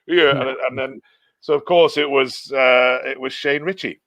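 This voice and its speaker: A man's voice: medium pitch, fairly even intonation, unhurried, a bit bright, no echo. A middle-aged man with a Welsh accent, chatting as a guest in a casual talk, hesitant with many restarts. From Wales. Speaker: guest, singer and voice actor. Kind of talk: casual chat.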